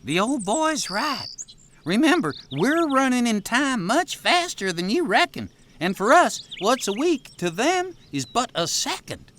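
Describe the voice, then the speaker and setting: A man's voice: very high voice, sing-song, measured pace, fairly bright tone, a little hiss or hum, voice pushed up, full character voice. A man reading an audiobook, voicing a folksy male companion with a drawled manner. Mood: reassuring.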